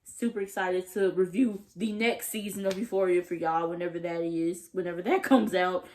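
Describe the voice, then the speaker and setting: A woman's voice: fairly low pitch, fairly even intonation, moderate pace, a little mellow. A young woman vlogger recapping a TV episode in a gushing, slangy way, acting out the characters' lines as she goes. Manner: gushing, slangy, acts out quotes. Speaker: TV review vlogger. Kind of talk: animated casual recap.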